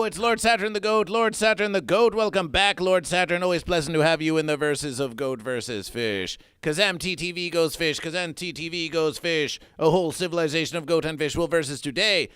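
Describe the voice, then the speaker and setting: A man's voice: fairly high pitch, a bit bright, clear, resonant tone, no echo. A man hosting an absurdist comedy livestream, chanting and repeating himself as he reads out chat. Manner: chanting, repetitive, sing-song announcing. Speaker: livestream host. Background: music.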